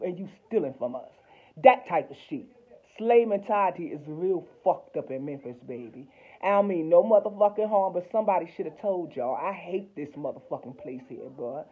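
High-voiced man in a profane rant. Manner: heated, profane, preachy, repeats insults. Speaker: vlogger. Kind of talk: angry profane rant to camera. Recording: tinny phone-like recording.

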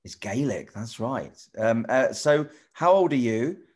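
A middle-aged man chatting casually with children over a video call, rambling and halting with lots of restarts. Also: mid-range voice, expressive, darkish tone, breathy edge. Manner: rambling, halting, full of restarts and "you know". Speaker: celebrity guest answering children's questions. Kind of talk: casual friendly chat with children.

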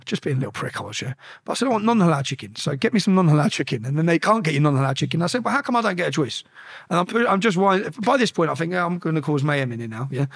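A man telling a story as a podcast guest, animated and profane, acting out shouted exchanges. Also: on the high side, very fast, slightly rough. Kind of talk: casual storytelling.

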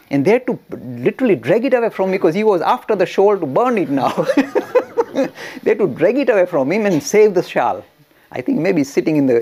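A man teaching religious history by storytelling, animated and laughing, often restarting his sentences. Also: a little high, slightly rough. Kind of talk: storytelling lecture.

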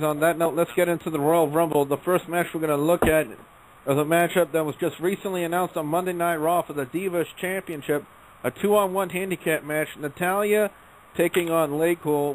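A man's voice: a little high, steady tone, brisk, a little hiss or hum, rough recording. A man hosting an internet radio talk show, emphatic, calling on each panelist in turn. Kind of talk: casual wrestling talk show.

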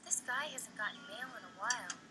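A woman voicing a calm young heroine while reading game dialogue aloud in a dry, deadpan way. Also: a little high, a little fast, pitched below the performer's own voice.

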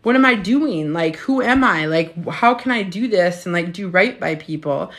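Her voice sits on the low side, fairly bright, with lively intonation and normal speed. She's a woman in her fifties who coaches on menopause health, chatting frankly on a live stream from her phone at home and cursing freely.

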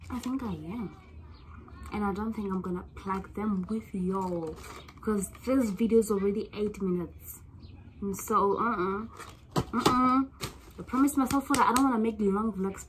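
This young South African vlogger talks casually with her audience in a South African accent, her mid-range voice drawling words out slowly. She's expressive and gushing, moving from soft musings to loud excitement, with slight background noise in the clip.

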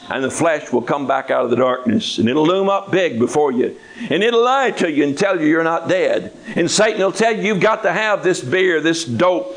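A man's voice: fairly high pitch, rough recording. A man preaching a sermon in a folksy, conversational way with touches of humor.

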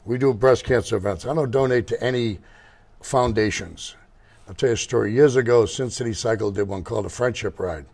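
A man's voice: lowish voice, a little fast, gravelly, a little mellow. An older man who owns a motorcycle shop, telling rambling, digressive stories as a guest in an interview. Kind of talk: casual storytelling interview.

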